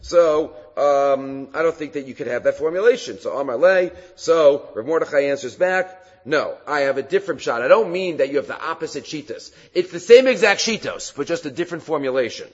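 A man giving a Talmud class lecture, animated and often halting to restart his phrases. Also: on the high side. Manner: animated, acts out quoted rabbis in a raised voice; halting, with many fillers and restarts. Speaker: Talmud teacher. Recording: reverberant hall, dull lo-fi sound.

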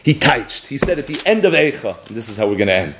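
A man's voice: medium pitch, very animated, fast, a bit bright, slight background noise. A man teaching a Torah lecture, asking and answering his own questions and chanting Hebrew texts in a singsong.

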